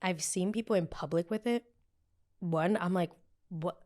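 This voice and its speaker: A young woman hosting a podcast, giving a casual solo pop culture recap in a chatty, animated way, with fillers and sudden excited exclamations. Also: fairly low pitch, unhurried. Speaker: podcast host.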